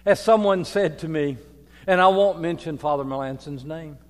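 An older man, preaching a folksy sermon as priest, moving from quiet reflection to loud storytelling. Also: on the high side, moderate pace. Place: church. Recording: long reverb of a church hall.

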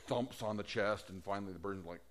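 A man's voice: on the low side, quick pace, slight background noise. A man preaching a sermon in a conversational way, asking the congregation questions.

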